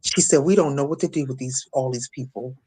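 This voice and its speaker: A woman's voice: extremely low pitch, mellow, breathy edge. A middle-aged woman from Maryland speaking as an interview guest, telling a painful personal story with frequent restarts and fillers. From Maryland, USA. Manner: halting, many restarts and fillers. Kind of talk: emotional personal testimony.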